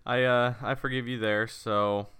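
A man's voice: medium pitch, steady tone, a little slow, bright, forceful tone, smooth, dry recording. A young man co-hosting a casual sports podcast, teasing his partner and steering the segments along. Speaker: podcast co-host.

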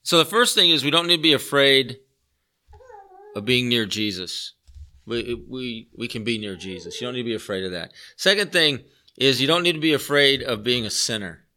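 A man's voice: mid-range voice, expressive, moderate pace, sharp tone. A man preaching a conversational sermon as a pastor, earnest, repeating phrases for emphasis and putting rhetorical questions to his listeners.

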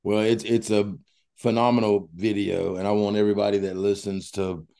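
A coaching podcast host with a fairly low voice. His tone is mellow and warm. He talks in an encouraging way and often answers with short affirmations. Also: level tone, normal speed. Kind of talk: interview chat.

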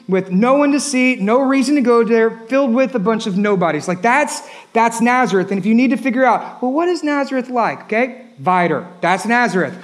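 A man preaching a sermon as a pastor, emphatic and repetitive, rising and dropping his voice for effect. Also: extremely high pitch.

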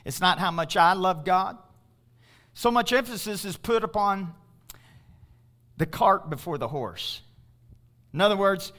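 A middle-aged man preaches with a bright, forceful edge to his voice. He sits a little higher than most men and drives his points home with emphatic calls to the congregation. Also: expressive, unhurried, pauses often. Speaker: pastor. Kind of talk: sermon.

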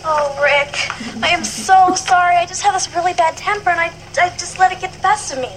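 A sharp-tongued young woman who snaps at her father with quick exasperation. Her voice sits very high. Loud noise rides under the old TV audio. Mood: apologetic. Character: hot-tempered young woman, scolding her meddling father.

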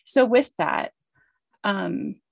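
A woman's voice: medium pitch, lively intonation, drawn-out words, gravelly. A woman interviewing a guest, speaking in an earnest, affirming way. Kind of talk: interview talk.

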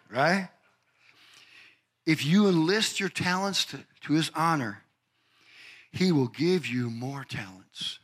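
An older man preaching a fervent sermon, calling out congregants by name and building to shouted climaxes. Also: a little high. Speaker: pastor.

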